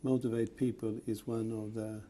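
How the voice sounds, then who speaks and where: A man interviewing a colleague, often pausing to rephrase with "I mean". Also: lowish voice, level tone, mellow, slight background noise. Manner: searching phrasing, frequent "I mean". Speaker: interviewer, retail executive. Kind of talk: conversational interview.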